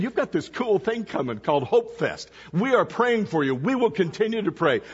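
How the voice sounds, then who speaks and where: A visiting pastor with a high, slightly rough voice delivers a sermon in a church sanctuary, telling stories and asking the congregation questions. The audio is lo-fi with a big-room sound.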